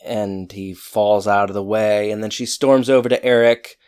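A man co-hosting a casual chat, recapping a TV episode in a relaxed, rambling way. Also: lowish voice, moderate pace, clear, resonant tone. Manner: relaxed, rambling, with fillers and restarts. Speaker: podcast co-host.

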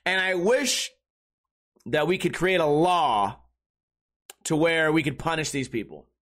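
A young adult man hosting a podcast, telling a comic story in a profane, ranting way with quick bursts. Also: fairly high pitch, expressive, a bit bright. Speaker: podcast host. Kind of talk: comedic storytelling rant.

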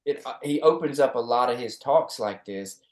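A man's voice: medium pitch, expressive, normal speed. A male podcast co-host giving a motivational talk in an earnest, reflective way, often restarting his sentences. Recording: roomy echo.

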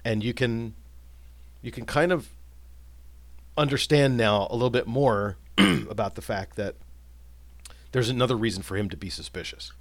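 A man's voice: medium pitch, moderate pace, long pauses, dry recording. A man co-hosting a casual film discussion, recapping scenes and musing aloud, livening up when he quotes lines. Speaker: podcast co-host.

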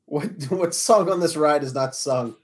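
A player in a tabletop game, speaking in a deadpan, casual way. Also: medium pitch, a little slow, slight background noise.

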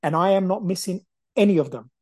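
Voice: medium pitch, fairly quick, a little mellow, dry recording. A podcast host in their forties, talking through a personal story in an emphatic, determined way and repeating phrases for stress. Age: 40s.

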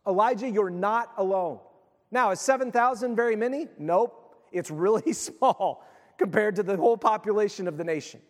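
A man with a fairly high voice preaches a sermon in a relaxed, conversational style. He breaks off and restarts his sentences as he goes. The sound carries a long reverb from a church hall. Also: moderate pace. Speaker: pastor.

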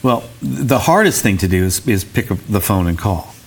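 A man's voice: fairly low pitch, big pitch swings, moderate pace, gravelly, breathy edge. A middle-aged man, a recovery center director and pastor, speaking as an interview guest in an earnest, preacherly way and often repeating words as he searches.

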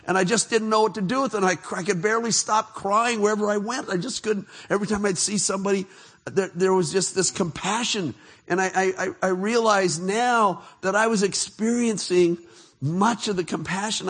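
A middle-aged man preaching a testimony sermon, telling his story with animated laughter, turning soft and hushed when he reflects. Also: high-pitched, breathy edge.

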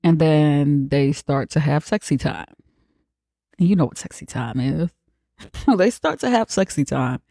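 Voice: medium pitch, animated, a little slow, gravelly, dark tone, no echo, clean studio sound. A podcast host casually retelling a film plot, blunt and profane, acting out the characters' lines along the way. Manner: acts out characters' lines mid-story.

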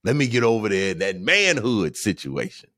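A man's voice: sing-song, moderate pace, a bit bright. A man hosting a show, talking in a casual, preachy monologue and repeating phrases for emphasis. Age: adult. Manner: mocks others in high teasing voices. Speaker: podcast host.

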